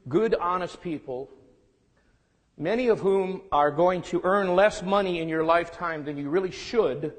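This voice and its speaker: A man from California giving a candid, self-deprecating and humorous lecture to students, mixing warnings with family stories. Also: fairly high pitch. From California, United States. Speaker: guest lecturer. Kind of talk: public lecture with storytelling. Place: lecture room. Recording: long reverb in a lecture room.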